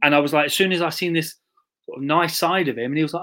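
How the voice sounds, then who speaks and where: A man's voice: a little high, fast, pushed and bright. Man telling a military anecdote. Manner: chatty anecdotal storytelling with laughs, quoting others. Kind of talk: casual podcast chat.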